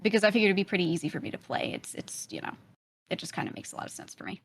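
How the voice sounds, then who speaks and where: A woman's voice: mid-range voice, very animated, very fast, breathy edge. Young woman w a light brooklyn accent, rambly chatty storyteller, laughs a lot, medium voice. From Brooklyn, New York. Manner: chatty storytelling, often laughing, many fillers. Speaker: streamer and roleplayer, interview guest. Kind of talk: casual interview chat.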